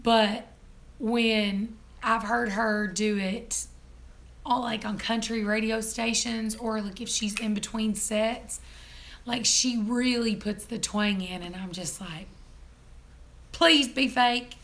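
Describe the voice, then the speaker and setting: A hoarse woman, hosting a casual live-stream chat, chatty and quick to laugh. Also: fairly high pitch, fairly even intonation. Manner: chatty, laughs often, teasing. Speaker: vlog host.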